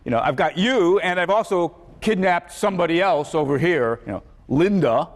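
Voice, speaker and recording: A man's voice: a little high, animated, moderate pace. A man playing an evil mad scientist. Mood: explaining. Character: evil adult male mad scientist, scheming. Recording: echoey lecture hall.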